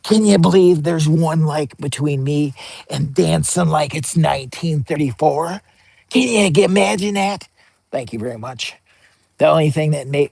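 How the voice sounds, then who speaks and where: A man live streaming a product test, joking around, hyping up his viewers and bursting into excitement. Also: fairly high pitch, vocal fry, husky, dry recording. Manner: joking, hyped, begs for likes, bursts of excitement. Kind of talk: goofy live-stream chat. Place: outdoor campsite by a pellet stove.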